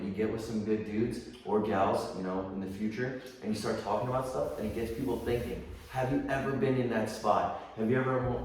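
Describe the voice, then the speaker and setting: A male podcast host with a lowish voice chats in a relaxed, loose way, swearing freely. He sounds distant from the mic, in a very echoey room with a faint hiss. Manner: laid-back, casual, swears freely. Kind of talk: casual podcast chat.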